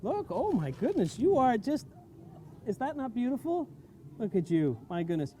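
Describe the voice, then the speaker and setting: A man's voice: extremely high pitch, big pitch swings, normal speed, warm tone, slight background noise. A man hosting a live stream outdoors on a farm, chatty and full of exclamations. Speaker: host. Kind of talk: live-streamed casual chat.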